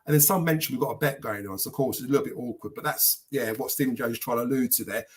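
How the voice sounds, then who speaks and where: On a live podcast, the host chats casually in a mid-range voice at rapid-fire speed. Reading out viewer comments, he rambles and curses freely.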